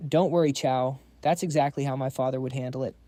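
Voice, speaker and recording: A man's voice: mid-range voice, brisk, dry recording, close to an everyday voice. A man playing an icy young noble swordsman. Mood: calm. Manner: flat, emotionless, cutting. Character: cold, calm young male noble mercenary leader.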